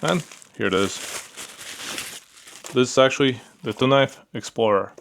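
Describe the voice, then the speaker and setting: Gravelly man reviewing gear casually. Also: medium pitch, a little slow, slight background noise. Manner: relaxed, repeats fillers like "pretty cool" and "yeah"; handles the gear while talking. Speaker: product reviewer.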